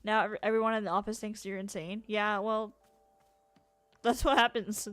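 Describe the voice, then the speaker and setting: A woman's voice: mid-range voice, normal speed, a bit bright, no echo. Chatty woman streamer, swearing freely. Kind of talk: casual gameplay commentary.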